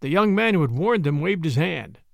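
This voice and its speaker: A man reading a story aloud in an expressive, varied narration. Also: a little high, normal speed, gravelly, no echo, studio quality.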